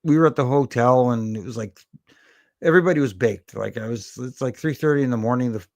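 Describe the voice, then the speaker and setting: A man's voice: mid-range voice, brisk, vocal fry, no room sound. A middle-aged man, a former wrestling referee, chatting as a guest and telling stories with many fillers and restarts. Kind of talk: casual interview chat.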